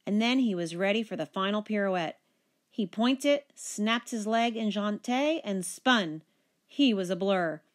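A woman teacher with a medium-pitched voice reads a children's picture book aloud, telling the story in an expressive, animated way.

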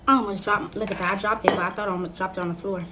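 An eighteen-year-old woman chats playfully to her viewers at home, her voice sitting in the middle of the range. A steady hiss of background noise runs under the recording. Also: medium pitch, very fast. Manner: chatty, playful, talks straight to viewers. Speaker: vlogger. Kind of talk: casual chat to camera.

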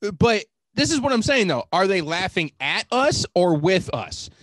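A man's voice: high-pitched, sing-song, moderate pace, fairly bright tone, no room sound. A man co-hosting a podcast, arguing his points in casual, joking chat with some swearing. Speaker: podcast co-host.

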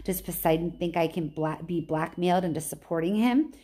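A woman's voice: lowish voice, fairly quick, warm tone, close to an everyday voice. A woman reading aloud, voicing a proud, scornful male god of the underworld who grumbles and accuses. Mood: threatening.

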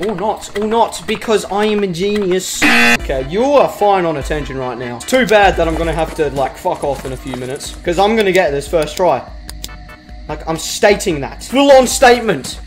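A young adult, doing let's play commentary and trash-talking the game in crude, excitable bursts. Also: medium pitch, normal speed. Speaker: gaming channel host. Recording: game music playing loudly behind.

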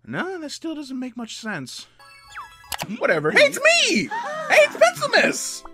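A woman voicing an excitable, dramatic male cartoon pencil character, rambling and bursting into shouts over background music. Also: extremely high pitch, measured pace, heavily acted. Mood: frantic. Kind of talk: animated cartoon reaction commentary.

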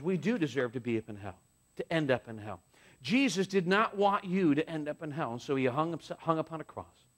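A man preaching a sermon as pastor in a church, impassioned, surging and dropping in force. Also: fairly high pitch. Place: church sanctuary.

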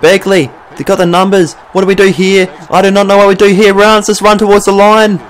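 A young Australian man giving excitable, sweary play-by-play commentary over a football video game he is playing. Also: high-pitched, fairly quick, slight background noise. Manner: mock sports commentator, swears freely when excited. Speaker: gaming channel host.

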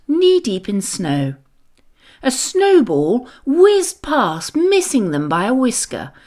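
A woman narrating a children's bedtime story, gentle, expressive and soothing. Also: fairly high pitch.

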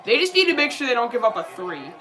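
A young man streaming a live reaction to a basketball game, excitable and prone to yelling at the plays, then apologizing. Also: very high-pitched, fast. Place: home room, dog nearby.

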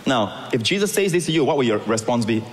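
Dramatic preacher in an echoing hall. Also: male voice, medium pitch, very animated, quick pace. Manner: acts out voices in scripture, swings from loud to soft. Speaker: pastor. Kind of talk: sermon.

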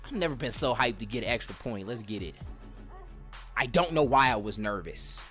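Hyped man shouting over gameplay. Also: medium pitch, lively intonation, normal speed, faint music behind. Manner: hyped, shouts at plays, slangy trash talk. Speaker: gaming video host. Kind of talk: excited gameplay commentary.

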